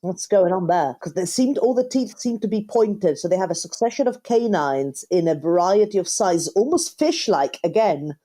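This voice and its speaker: A woman's voice: lowish voice, expressive, normal speed, hardly any pauses, dark tone. A woman co-hosting a casual podcast chat, thinking aloud with hesitant, self-correcting phrasing. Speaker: podcast co-host.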